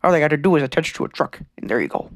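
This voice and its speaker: A man's voice: fairly high pitch, lively intonation, very fast, no echo. Rambling man hosting a mock-conspiracy podcast. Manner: rambling, stammering, mock-serious. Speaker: podcast host. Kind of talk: comedic conspiracy monologue.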